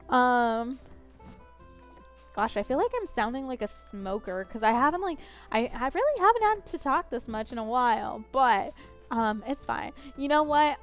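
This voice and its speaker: A woman's voice: sits high, animated, unhurried, faint music behind. A woman in her twenties chatting casually while playing a game, rambling, counting aloud and poking fun at herself. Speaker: gaming streamer.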